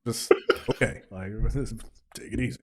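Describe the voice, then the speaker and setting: A man's voice: lowish voice, fairly even intonation, moderate pace, darkish tone. A young adult man co-hosting a casual film review podcast, rambling and laughing often as he recaps the plot. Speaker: podcast co-host.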